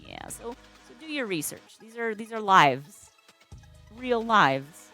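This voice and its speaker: Lively bright-voiced woman streamer. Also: mid-range voice, slow pace, soft background music. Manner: chatty, greets viewers, playful puns. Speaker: balloon artist streamer host. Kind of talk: casual livestream chat.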